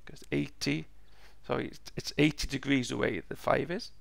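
A man teaching a step-by-step physics lesson, slow and patient, repeating each step, his voice croaky and going hoarse. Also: medium pitch, steady tone, no room sound. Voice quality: gravelly, croaky.

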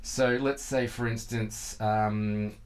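A man's voice: on the low side, steady tone, slow. A man, teaching guitar in a casual video lesson, chatty and self-mocking, sometimes singing rhythms with nonsense syllables.

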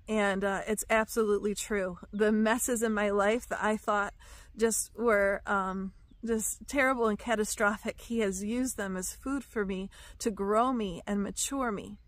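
A woman giving a reflective devotional teaching about her dreams, speaking softly and pausing with fillers. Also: mid-range voice, fairly even intonation, dry recording. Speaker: Christian teacher sharing dreams.

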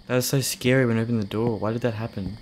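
A man's voice: mid-range voice, fairly even intonation, quick pace, a little mellow, a little hiss or hum. A man doing let's play commentary on a horror game, jumpy and nervous, talking back to the characters with nervous laughs. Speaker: game streamer.

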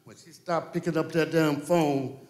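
A man's voice: on the high side, fairly even intonation, normal speed, a little mellow. A man giving a rambling, heartfelt eulogy at a funeral, repeating himself and apologizing as he goes. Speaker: family friend giving a eulogy. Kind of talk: emotional spoken tribute. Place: church. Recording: echoey church sanctuary.

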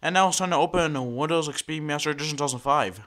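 A man, a computer vlogger, provides casual commentary on his screen recording with a voice that's a little high. Excited and halting, he addresses viewers while often repeating words and restarting them.

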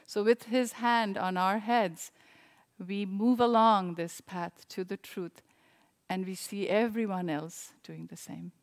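Woman, mid-pitched, soft reflective sermon delivery, warm and unhurried. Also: fairly even intonation. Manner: gentle, reflective, with frequent restarts. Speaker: service leader.

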